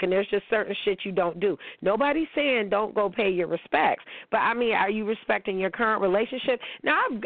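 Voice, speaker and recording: A woman's voice: mid-range voice, dry recording. A woman hosting a casual relationship-advice monologue, blunt, emphatic and full of swearing. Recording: tinny phone-like, dry sound.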